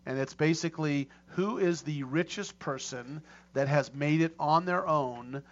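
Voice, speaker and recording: A middle-aged man hosts a casual talk show in a slightly high voice, rambling and restarting his sentences. The audio is dull and lo-fi. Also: measured pace. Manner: rambling, many restarts and fillers. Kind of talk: casual chat.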